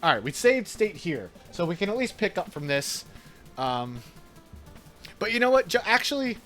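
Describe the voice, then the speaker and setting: A man's voice: high-pitched, very animated, normal speed, a bit bright, soft background music. A man from New York with an Italian-American New York accent, chatting casually and laughing while streaming a game. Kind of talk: casual chat while gaming.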